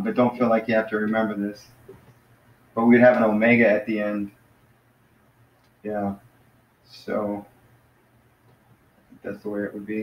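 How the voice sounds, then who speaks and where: A man's voice: fairly low pitch, echoey room, highs cut off. A man teaching a beginner online language class, rambling with lots of fillers and self-corrections.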